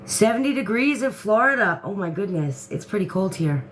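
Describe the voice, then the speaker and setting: A woman's voice: mid-range voice, expressive, moderate pace, slight background noise. A woman hosting a casual live stream from home, greeting viewers by name and chatting as she reads the comments. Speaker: livestream host. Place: indoor room at home.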